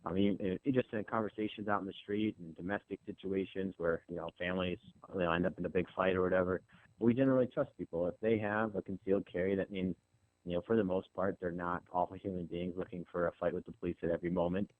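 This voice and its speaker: Deep-voiced man on a phone line. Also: fairly even intonation, quick pace, no room sound. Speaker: police officer guest. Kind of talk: casual radio interview.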